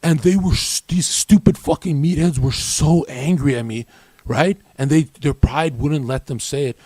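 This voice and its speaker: A man's voice: a little high, normal speed, a little mellow, no room sound. A man giving a blunt, profane rant as a streamer, often ending lines with "right?". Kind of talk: brash motivational rant.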